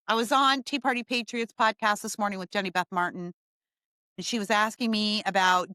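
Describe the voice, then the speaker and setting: A woman's voice: medium pitch, a bit bright, dry recording, studio quality. A woman hosting a podcast, giving a blunt, fired-up opinion monologue full of emphatic repetition. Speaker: podcast host.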